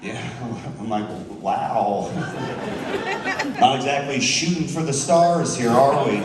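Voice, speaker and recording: A man's voice: medium pitch, wildly swooping pitch, slow, pauses often, crowd noise. Man in his thirties doing stand-up. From Southern Oregon, US. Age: 30s. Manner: loose, chatty delivery with frequent restarts and asides. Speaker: stand-up comedian. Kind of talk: stand-up comedy set. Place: large theater stage. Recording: echoey, distant theater recording with room noise.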